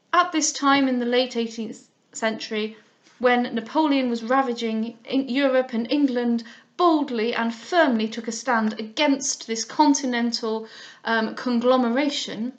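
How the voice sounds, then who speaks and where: High-voiced woman reading a novel. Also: measured pace, dull audio. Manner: arch and playful when chatting. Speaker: reader of a classic novel.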